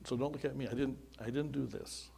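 With a warm, breathy, mid-range voice carrying some vocal fry, a middle-aged pastor talks a bit quickly yet steadily. He greets attendees at a simple memorial service in a chatty, folksy storytelling style with quoted speech and asides.

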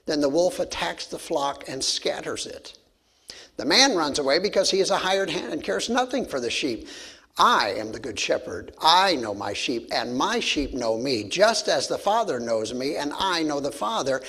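A male pastor delivers a sermon, moving from scripture reading into a folksy story. His voice sits a little high for a man, and he restarts his sentences and adds fillers as he goes. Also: a bit bright.

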